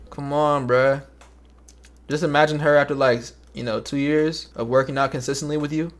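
A man's voice: a little high, creaky, fairly bright tone. A young man streaming, chatting casually in slang with joking, muttered asides to his chat. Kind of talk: casual livestream commentary.

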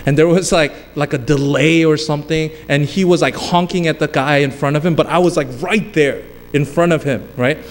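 A man's voice: on the high side, fairly even intonation, a little fast, few pauses. A male pastor preaching a sermon, emphatic and repetitive, slipping into casual storytelling asides. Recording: long hall reverb with faint background noise.

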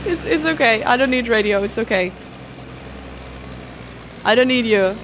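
A woman's voice: fairly high pitch, unhurried, noisy background. A woman streamer giving casual let's-play commentary, chatty and playfully dramatic, talking to the game and to herself. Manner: playfully dramatic, exclaims and laughs often.

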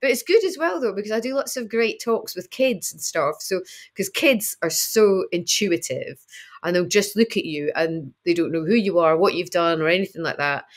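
A woman's voice: on the low side, lively intonation, normal speed. A woman in her fifties with a Scottish accent, chatting as an interview guest and laughing often. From Scotland. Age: 50s. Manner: chatty, laughing, acts out quoted voices. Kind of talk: casual interview chat.

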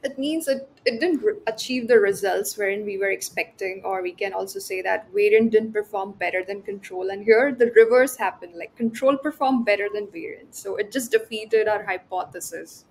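A woman's voice: medium pitch, normal speed, hardly any pauses, darkish tone, a little hiss or hum, low-quality recording. A woman hosting a podcast, asking her guest structured questions. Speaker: podcast host. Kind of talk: interview questions.

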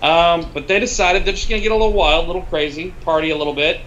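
A man's voice: a little high, fast, highs cut off, a little hiss or hum. A man, a film cinematographer, telling casual stories as a guest on a podcast and swearing freely along the way. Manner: animated, swears freely, uses filler words. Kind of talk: casual storytelling in a podcast interview.

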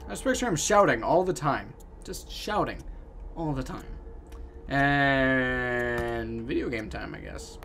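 A man giving casual gameplay commentary, animated with loud outbursts and self-mocking jokes. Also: mid-range voice, moderate pace, faint music behind. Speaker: gaming video host.

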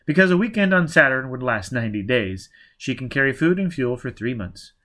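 A man's voice: mid-range voice, animated, a little fast, sharp tone. A man voicing a blustering retired crook. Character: nervous retired middle-aged male crook, blustering.

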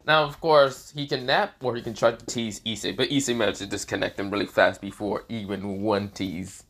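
A man's voice: on the low side, fairly even intonation, moderate pace, fairly bright tone. A man improvising a fan-fiction story aloud, rambling with lots of fillers and casual swearing.

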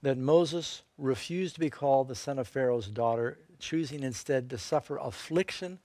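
A man, a pastor co-hosting a Bible question-and-answer show, answering in a relaxed, halting way with many fillers. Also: mid-range voice, no echo. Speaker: pastor and co-host. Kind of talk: unscripted Bible Q&A.

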